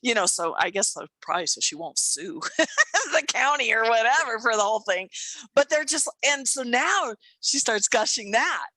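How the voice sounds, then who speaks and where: Podcast lady telling a story, swoops all over in pitch, bright voice, dry close sound. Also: moderate pace, no room sound. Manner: animated storytelling, acts out voices, laughs often. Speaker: podcast co-host and coach. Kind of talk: casual chat.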